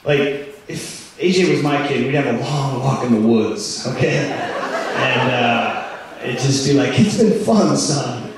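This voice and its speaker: A man doing a stand-up comedy set in a rambling style full of "like" fillers, with sudden loud outbursts. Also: mid-range voice, fairly even intonation, a little slow. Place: comedy club stage. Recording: echoey club recorded from far off with audience. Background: audience laughter.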